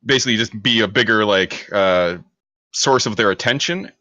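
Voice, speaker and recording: Tabletop player, male, bright tone, loose rambling delivery, dry close sound. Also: fairly low pitch, moderate pace, no echo, dull audio. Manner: loose, rambling with many fillers. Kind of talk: describing his character's actions.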